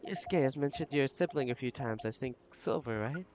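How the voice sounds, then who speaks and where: A man's voice: mid-range voice, fairly quick, music in the background. A man hosting a let's-play, reading a visual-novel game aloud in a playful way and goofing around between lines.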